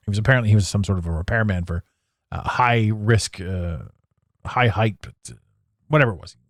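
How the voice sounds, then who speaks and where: A man hosting a solo podcast monologue, animated and theatrical, swearing now and then. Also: lowish voice, brisk, no room sound, clean studio sound. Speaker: podcast host.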